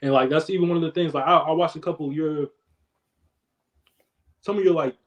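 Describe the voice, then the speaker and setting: A young man, a podcast guest, in casual chat, telling stories in a laid-back, slangy way that trails off quietly. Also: fairly high pitch, steady tone, fairly quick, dull audio.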